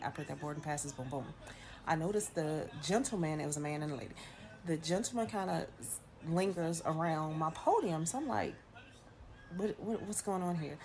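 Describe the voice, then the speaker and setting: A woman who works for an airline, telling a story in a chatty, animated, slangy way. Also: low voice, creaky. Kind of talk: casual storytelling.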